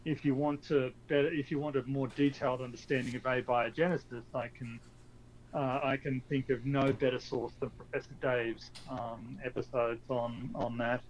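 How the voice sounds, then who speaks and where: A man co-hosting a casual podcast chat, talking in a halting way with many fillers and restarts. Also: mid-range voice, flat delivery. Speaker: podcast co-host. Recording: dull lo-fi audio with faint noise.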